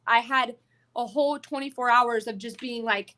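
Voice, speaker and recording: A woman bare-knuckle fighter telling her story in a casual podcast interview, animated and profane, full of "like". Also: fairly high pitch, moderate pace.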